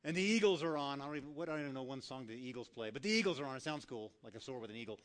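A man preaching as a guest speaker, telling stories and acting out the voices of the people in them, dropping to a soft voice for quiet lines. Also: mid-range voice, expressive, rapid-fire. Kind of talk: sermon storytelling.

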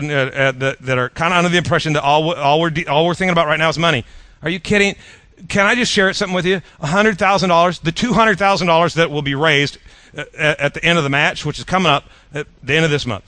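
A middle-aged male pastor gives an animated sermon in a bright, forceful, slightly high voice, making playful jabs and stumbling over repeated words. The recording is dry and close.

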